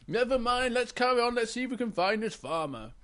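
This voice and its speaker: A man voicing a sensible grown-up bear in a children's story, patient and gently scolding. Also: extremely high pitch, sing-song, fairly quick, pitched above the performer's own voice, full character voice. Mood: polite.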